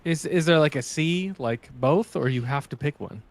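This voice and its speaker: A man's voice: on the high side, lively intonation, normal speed, gravelly. A man playing a character in a tabletop game, answering in a dry, joking, matter-of-fact way. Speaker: player.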